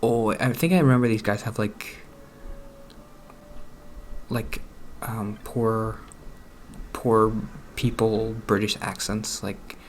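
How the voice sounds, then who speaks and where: A man with a lowish voice narrates his gameplay in loose, casual commentary. He rambles, second-guesses himself and laughs softly at his own remarks. A faint background hiss sits under the voice. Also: steady tone, takes it slowly, long pauses. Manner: rambling, self-deprecating, soft laughs. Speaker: let's play host. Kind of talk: casual commentary while gaming.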